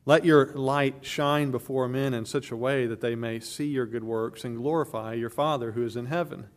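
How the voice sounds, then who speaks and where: A man's voice: medium pitch, steady tone, normal speed. A man preaching a sermon from the pulpit, emphatic and earnest, often restarting his phrases. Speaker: pastor.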